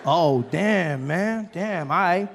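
A man's voice: high voice, drawn-out words, creaky, slight background noise, pitched above the performer's own voice, exaggerated voice. A man voicing a brash young American comedian who fumbles and talks in loose street slang, played from an old stage recording. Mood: awed.

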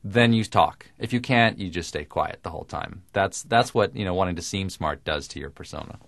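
Crisp-spoken man, dry and low. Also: a bit bright, no room sound. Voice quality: crisp precise diction. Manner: dry self-mocking, measured. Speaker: guest comedian. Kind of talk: radio interview conversation.

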